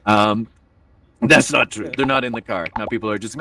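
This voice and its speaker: A man's voice: lowish voice, moderate pace, sharp tone, dry recording, far from the mic. Rambling self-deprecating comedy host, man. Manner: rambling, self-deprecating, full of filler asides. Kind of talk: stand-up comedy. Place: virtual reality room.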